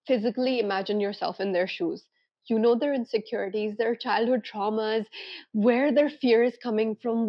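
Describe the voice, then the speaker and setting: A woman's voice: a little high, dull audio. Earnest young woman giving relationship advice. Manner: earnest, emphatic, acts out quoted thoughts. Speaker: relationship coach. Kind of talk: direct-to-camera advice vlog.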